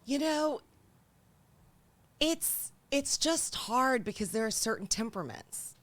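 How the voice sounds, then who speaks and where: Animated, laughing woman co-host. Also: high voice, takes it slowly, no room sound. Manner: animated, laughing, acts out voices. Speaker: podcast co-host. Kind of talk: comedic casual chat.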